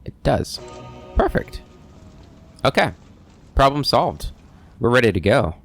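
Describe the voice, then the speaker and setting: A man's voice: medium pitch, very animated, takes it slowly, a bit bright, slightly rough, soft background music. A man hosting a let's play, thinking aloud and reading game text as he plays. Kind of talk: gameplay commentary.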